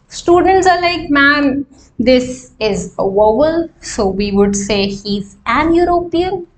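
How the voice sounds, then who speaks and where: In her live online class, a young woman explains grammar slowly in Indian English and asks her students rhetorical questions. Her voice sits high.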